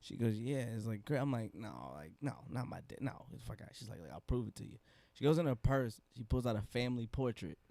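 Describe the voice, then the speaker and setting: A man's voice: brisk, gravelly, no room sound. A man co-hosting a comedy podcast, telling a rambling story with bursts of laughter and a trailing, mumbled delivery. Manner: animated storyteller, swings between low mumbling and loud laughing outbursts. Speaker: podcast co-host.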